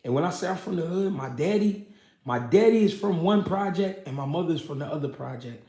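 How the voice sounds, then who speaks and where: A young man tells stories from his boxing career in loose, profane street talk, often asking "you know what I mean". His voice sits a bit high for a man and has a gravelly edge. The room echoes around him. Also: expressive, brisk, warm tone. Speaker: former pro boxer telling his story. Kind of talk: casual storytelling chat.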